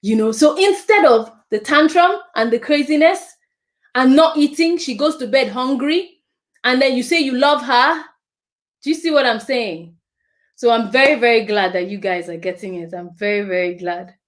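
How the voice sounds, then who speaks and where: A woman giving a parenting talk, expressive and repeating phrases for emphasis. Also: on the high side, normal speed. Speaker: parenting speaker.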